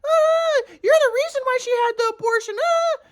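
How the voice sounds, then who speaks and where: A man voicing his mother in a shrill, mocking falsetto as she shrieks and scolds. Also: normal speed. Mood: shrieking scold.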